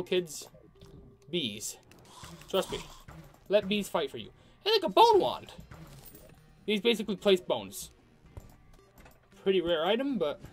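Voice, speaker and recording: A gamer commentating their own playthrough, excitable and talking back to enemies with frequent outbursts. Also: medium pitch. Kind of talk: let's play commentary.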